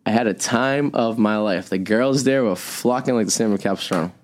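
A man's voice: fairly low pitch, brisk. A man with a Boston accent hosting a radio show, rambling through crude, joking banter with a guest.

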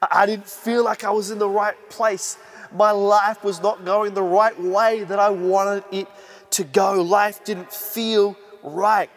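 An earnest male pastor preaches with rising emphasis in a fairly high voice. His words ring out with a long reverb in a church hall. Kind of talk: sermon.

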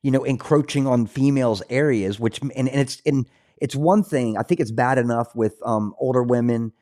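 A man's voice: mid-range voice, moderate pace, mellow. A man hosting a talk show, speaking earnestly with frequent restarts and fillers.

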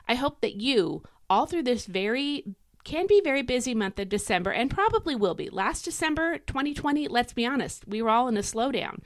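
A woman hosting a devotional podcast, chatty and emphatic, swinging her pitch up and down to stress words. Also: no echo, clean studio sound. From United States. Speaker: podcast host.

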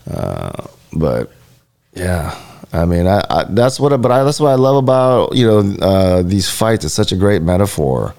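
A man's voice: sits low, big pitch swings, a little slow, darkish tone. A man co-hosting a live podcast, chatting casually in a loose, rambling way with lots of fillers. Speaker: podcast co-host.

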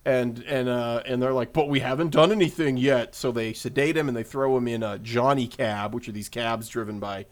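Man, mid-pitched voice, relaxed, casual chat about a movie, agreeable. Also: normal speed, hardly any pauses. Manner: relaxed, chimes in with agreement and retells plot. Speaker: podcast co-host.

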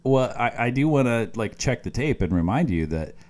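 A man's voice: mid-range voice, animated, moderate pace, a little mellow. A man co-hosting a podcast in casual chat, teasing his partner and explaining things with lots of likes and restarts. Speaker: podcast co-host.

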